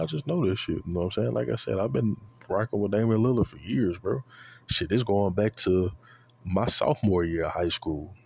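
A man in his twenties talking casually about basketball, profane and rambling, often adding "you know what I'm saying" and breaking into high-pitched outbursts. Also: a little mellow. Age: 20s. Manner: bursts into high-pitched exclamations. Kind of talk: casual sports rant.

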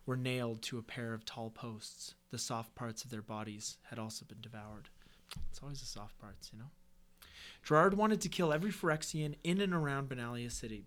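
A man with a voice of ordinary pitch, hosting a podcast. He reads a fantasy story in a casual tone. He keeps breaking off to add joking asides. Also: fairly bright tone. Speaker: podcast host.

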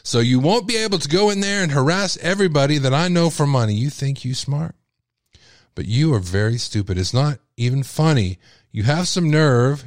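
A bitter, grieving widow rants at the people she blames, her voice jumping up and down in pitch as she accuses them, as a man puts her on. The voice sits at an ordinary middle pitch. It is recorded dry and close, with no room sound. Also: no room sound, natural voice. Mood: furious. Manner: accusing, ranting, with sharp swings in pitch. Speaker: podcast host.

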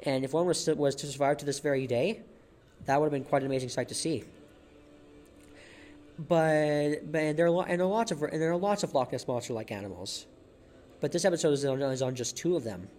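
A man with a slightly high, darkish voice talks a little fast while narrating facts casually on his solo podcast, with slight background noise in the recording. He stumbles often, restarts sentences, repeats words, and laughs at his own jokes.

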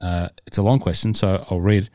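A man's voice: low voice, fairly even intonation, moderate pace, warm tone, dry recording. A man co-hosting a podcast in a chatty, rambling, jokey way. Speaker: podcast co-host. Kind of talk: casual chat.

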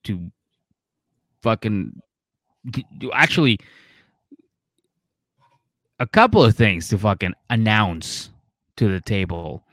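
A man's voice: on the low side, lively intonation, slow, pauses often, fairly bright tone, dry recording, clean studio sound. A man co-hosting a podcast, recapping a reality show in a laid-back, rambling, swearing way. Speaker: podcast co-host. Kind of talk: casual recap chat.

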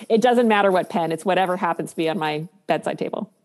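A woman's voice: fairly low pitch, fast. A woman guest in an interview, a company co-founder, speaking in an earnest, reflective way. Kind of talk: casual interview chat.

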